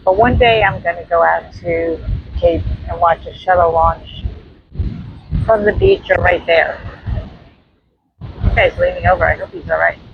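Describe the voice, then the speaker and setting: A woman's voice: lowish voice, steady tone, unhurried, gravelly, pauses often, phone-quality sound. A woman with a New York accent, chatting casually to her viewers as she films a walk along a windy beach on a handheld phone. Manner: chatty, addresses viewers as friends. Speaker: vlogger. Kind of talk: casual walking vlog narration. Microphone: handheld phone camera. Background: faint surf and wind.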